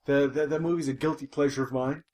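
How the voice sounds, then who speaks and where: A man's voice: medium pitch, fairly even intonation, quick pace, a little mellow. A man co-hosting a casual movie review podcast, playful and goofy with wry asides. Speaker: podcast co-host.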